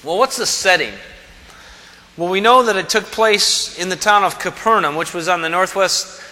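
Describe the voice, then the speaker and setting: High bright-voiced male pastor preaching. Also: normal speed, big-room sound. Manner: conversational preaching with rhetorical questions. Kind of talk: sermon.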